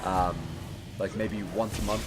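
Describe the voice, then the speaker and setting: A man's voice: on the low side, level tone, measured pace. A young man streaming a game, rambling casually with lots of giggles and baby talk for his dog. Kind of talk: casual livestream chat while gaming. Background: game music.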